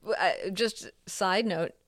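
A woman's voice: medium pitch, takes it slowly, a bit bright, no echo, clean studio sound. A woman co-hosting a podcast, asking curious follow-up questions in casual chat. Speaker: podcast co-host.

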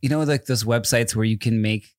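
A man co-hosts a podcast, trading dry, teasing remarks in casual chat. His voice sits at an ordinary pitch. The recording is dry and close. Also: fairly quick, dry recording. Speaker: podcast co-host.

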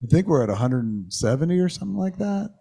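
An excitable man hosts a live podcast from a cinema stage, talking in a fairly high voice with a gravelly, creaky edge. He swears often and works the crowd with quick questions. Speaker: podcast host. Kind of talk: live podcast chat with an audience.

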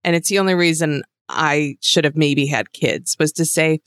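A woman with a lowish voice trades wry, joking remarks while recapping a movie on a podcast. She laughs along easily. The recording is dry and close. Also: normal speed, a bit bright, clean tone, dry recording. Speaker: podcast co-host. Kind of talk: casual chat recapping a movie.

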